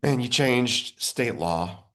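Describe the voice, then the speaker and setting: A man hosting an interview podcast, speaking in a measured, affirming way to his guest. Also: medium pitch, lively intonation, fairly bright tone. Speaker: podcast host. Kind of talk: interview conversation.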